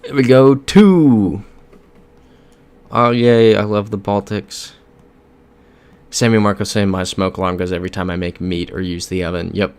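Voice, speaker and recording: Deep-voiced American man chatting on stream. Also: flat delivery, normal speed, smooth. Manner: chatty, reads chat aloud, mutters guesses to himself. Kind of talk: casual live-stream chat while playing a geography game.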